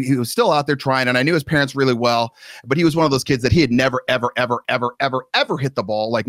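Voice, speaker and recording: A man's voice: mid-range voice, fairly bright tone, no echo. Dry-sounding laid-back storytelling man. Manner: rambling, self-deprecating, acts out quotes. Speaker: podcast host. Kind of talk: casual storytelling.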